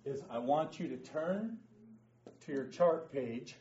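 A fairly high-voiced man leads a Bible study at an unhurried pace. He quizzes his class and drives each point home with emphasis. The recording is dull and lo-fi, made from across a reverberant room. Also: expressive, mellow. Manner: emphatic, quizzes the class, keeps asking okay. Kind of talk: interactive Bible lesson. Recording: echoey room, distant dull mic.

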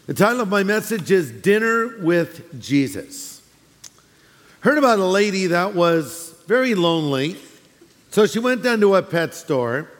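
A pastor preaching a sermon to his congregation in a folksy, storytelling way, with restarts and asides to the listeners. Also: high voice. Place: large church sanctuary. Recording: long hall reverb in a church.

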